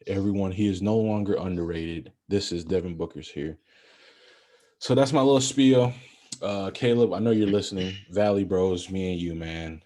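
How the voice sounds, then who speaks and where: A young man co-hosting a podcast, chatting about basketball in a casual, animated, rambling way. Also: sits low, moderate pace. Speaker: podcast co-host. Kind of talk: casual sports chat.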